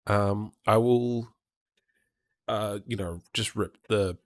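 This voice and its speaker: A man's voice: lowish voice, steady tone, slow pace, no room sound. A man playing a character in a tabletop game, talking hesitantly with lots of fillers. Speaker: player. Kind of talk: casual tabletop play.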